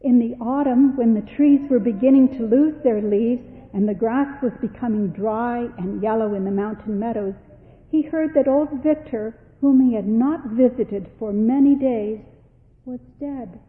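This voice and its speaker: A woman reading a storybook aloud in a calm, measured way. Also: fairly high pitch. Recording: tinny, echoey long reverb.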